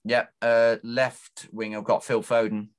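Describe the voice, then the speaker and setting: A man's voice: medium pitch, flat delivery, a little slow, smooth. A man, a guest on a casual podcast, easygoing and brief. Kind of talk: casual chat.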